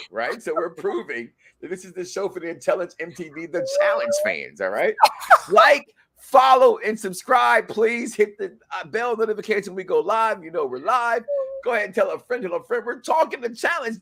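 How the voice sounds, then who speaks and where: A man co-hosting a live review stream, joking in animated, loud-and-soft bursts. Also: high-pitched. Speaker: co-host of a reality show review.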